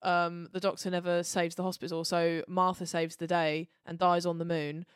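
A woman co-hosting a podcast in casual chat, animated and swearing, acting out characters' lines. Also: on the low side, moderate pace, clean tone, no echo, clean studio sound. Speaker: podcast co-host.

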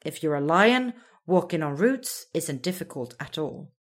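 Slow, expressive woman reading a children's story. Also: deep voice. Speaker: narrator.

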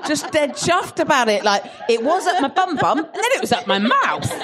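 A woman's voice: sits high, measured pace, crowd noise. A woman comedian telling comic stories in a chat, laughing as she talks. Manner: animated, laughs through her stories.

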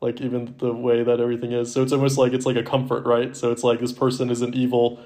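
A man's voice: medium pitch, monotone, quick pace, dark tone. Rambling young man who says "like" a lot. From Baltimore area, US. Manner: rambling, heavy use of "like". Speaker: podcast co-host. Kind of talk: casual chat.

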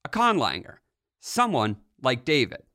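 A man hosting a podcast, reading a lively scripted intro and then joking casually with his guest. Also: medium pitch, measured pace, dry recording, studio quality. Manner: lively, jokey, self-mocking. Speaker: podcast host.

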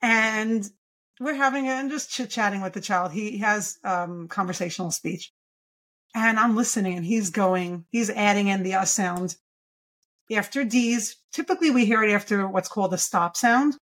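Speaking at a moderate pace in a medium-pitched, slightly bright voice, a children's speech therapist in her forties talks through speech errors on a podcast and demonstrates sample sounds.

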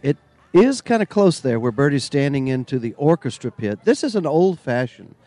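A man hosting live from an old theater, chatty and enthusiastic with lots of filler words. His voice is mellow and dark yet swings up and down a lot. Faint music plays in the background. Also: mid-range voice, very animated, moderate pace. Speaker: broadcast host. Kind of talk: casual live broadcast chat.

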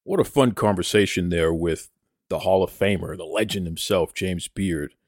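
A man's voice: low voice, moderate pace, darkish tone, no echo, studio quality, soft background music. Chatty New England podcast host man. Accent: New England, rhotic. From Boston, New England. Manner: enthusiastic, chatty, addresses listeners as folks. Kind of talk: casual podcast monologue with ad read.

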